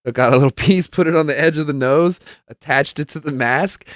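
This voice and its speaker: Smooth-voiced young man telling a rambling story. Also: fairly high pitch, brisk, fairly bright tone, no room sound, clean studio sound. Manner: rambling, laughs often, swears freely, acts out quotes. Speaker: podcast host. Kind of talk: casual storytelling monologue.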